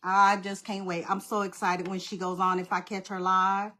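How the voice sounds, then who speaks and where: A woman's voice: mid-range voice, flat delivery, moderate pace, pushed and bright. A woman with a mid-range voice hosting a live crafting stream, chatting informally with viewers. She greets people by name and keeps saying how nervous she is. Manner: informal, uses "y'all" and "girl". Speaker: craft livestream host. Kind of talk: casual live craft demo chat.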